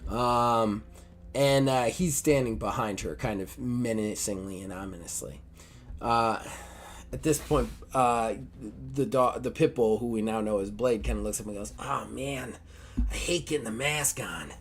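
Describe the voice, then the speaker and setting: A man's voice: lowish voice, a little slow, a little hiss or hum. A man game master narrating a tabletop game in a rambling, filler-heavy way.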